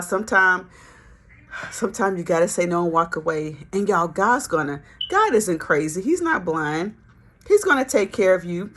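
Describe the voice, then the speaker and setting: A woman's voice: on the low side, a bit bright. A woman casually telling a Christian testimony story, talking folksy and straight to her listeners. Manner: folksy, talks straight to the audience as "y'all". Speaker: Christian speaker.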